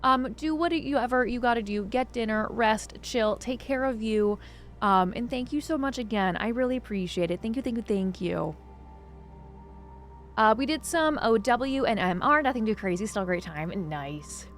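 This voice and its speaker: A young woman streaming a game live, chatting casually and dramatically with her viewers, swinging from excitement to mock sadness. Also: on the high side, moderate pace. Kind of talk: casual live-stream chat while gaming. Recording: faint music behind.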